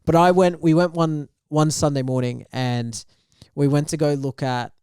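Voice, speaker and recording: A young man, co-hosting a podcast and telling a story with lively acted-out dialogue. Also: a little high, moderate pace, clear, resonant tone, no room sound, studio quality. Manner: animated storyteller, acts out quoted dialogue. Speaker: podcast co-host. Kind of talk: casual storytelling chat.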